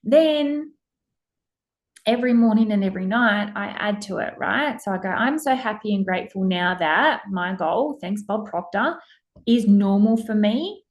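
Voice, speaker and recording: A woman's voice: mid-range voice, lively intonation, measured pace, highs cut off. Emphatic, blunt woman podcast host. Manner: emphatic, blunt, swears casually. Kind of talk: casual monologue.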